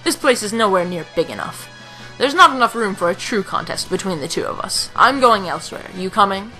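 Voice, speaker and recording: A woman reading the lines of a gruff, older male mercenary commander in a blunt, commanding way. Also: mid-range voice, lively intonation, fairly quick, sharp tone, faint music behind, poor audio.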